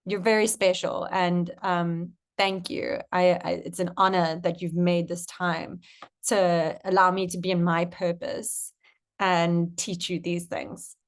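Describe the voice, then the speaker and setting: A woman's voice: lowish voice, level tone, slow pace. A young woman coach giving a casual masterclass to camera, chatty and swearing casually.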